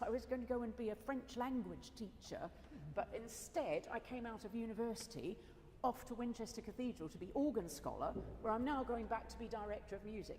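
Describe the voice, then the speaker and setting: A woman's voice: a little high, darkish tone, in a large hall, slight background noise. A woman organist giving a chatty, enthusiastic talk to an audience after a competition. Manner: chatty and enthusiastic, with laughs and asides. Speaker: organist adjudicator. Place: school hall.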